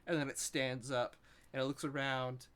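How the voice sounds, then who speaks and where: A man's voice: medium pitch, level tone, moderate pace, heavy background noise. A man narrating as game master, describing the scene with frequent ums.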